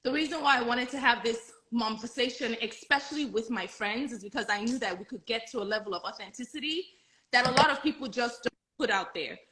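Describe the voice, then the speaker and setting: A woman's voice: on the high side, brisk, sharp tone, poor audio. A woman hosting a casual live-streamed chat with a friend, bubbly and laughing often. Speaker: host.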